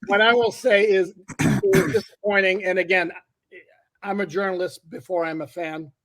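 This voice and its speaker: A man hosting a sports podcast as a journalist, talking in a measured, wry way with hesitant restarts. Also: high-pitched, steady tone, a bit bright.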